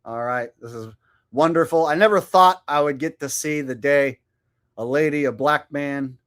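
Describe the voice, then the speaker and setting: A man's voice: a little high, normal speed, fairly bright tone. A man hosting his own channel, giving profane, sarcastic commentary in a mocking, crude way with frequent laughter. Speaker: channel host.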